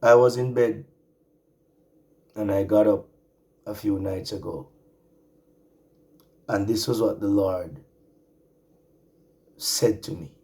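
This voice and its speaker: A man from the Caribbean islands preaching an online sermon, slow and drawn out, repeating his phrases. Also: on the low side, steady tone, darkish tone.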